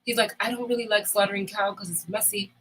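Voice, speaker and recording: A woman's voice: mid-range voice, fairly even intonation, fast talker, noisy background. A woman in candid casual chat, talking bluntly and emphatically with frequent swearing. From United States.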